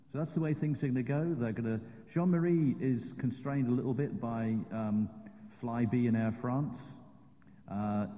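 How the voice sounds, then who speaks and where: A man chairing a conference session, introducing speakers with many fillers and restarts. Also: on the low side. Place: conference room. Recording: echoey hall, muffled lo-fi sound.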